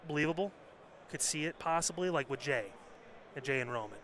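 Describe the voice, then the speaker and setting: A man's voice: a little high, brisk, a bit bright, a little hiss or hum. A man co-hosting a wrestling podcast in casual chat, blunt and swearing freely. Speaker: podcast co-host.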